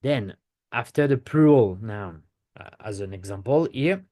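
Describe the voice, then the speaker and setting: A man's voice: mid-range voice, expressive, measured pace, mellow. French man explaining things step by step. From France. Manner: explains step by step, often checks in with "okay?". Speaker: French teacher. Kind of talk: pronunciation lesson to camera.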